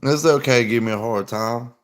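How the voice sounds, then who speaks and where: Chill guy rambling to his chat on a livestream, lots of "like", mid-pitched voice. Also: normal speed. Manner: laid-back, rambling, with plenty of "like". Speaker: livestream host. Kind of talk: casual livestream chat, answering viewer comments.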